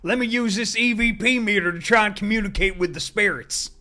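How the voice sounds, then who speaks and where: A man's voice: sits high, fairly quick, pushed and bright, voice pushed up. A man voicing a panicked Southern male ghost-hunting trucker in a hammy, yelping American Southern accent.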